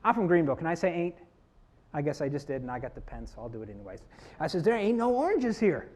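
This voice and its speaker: A man's voice: a little high, racing. A man from Florida giving a conference keynote talk, telling stories and working the audience with questions. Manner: lively storytelling, works the audience. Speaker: keynote speaker. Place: conference hall.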